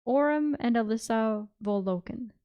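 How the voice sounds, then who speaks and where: A woman reading aloud, voicing an aging male grand general who speaks calmly and formally, with a quiet menace. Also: fairly high pitch, moderate pace, clear, resonant tone, muffled recording, natural voice. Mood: measured.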